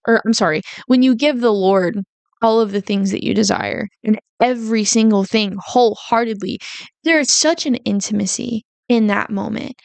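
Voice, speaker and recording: A woman's voice: on the high side, darkish tone, clean tone, no echo. A young woman in her twenties hosting a heartfelt, faith-based podcast monologue, talking earnestly with fillers and repeats. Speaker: podcast host.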